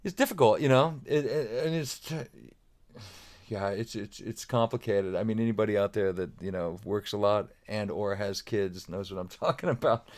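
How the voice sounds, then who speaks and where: A man's voice: fairly low pitch, moderate pace. A middle-aged man talking casually as a podcast guest, rambling with many restarts and fillers. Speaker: guest drummer.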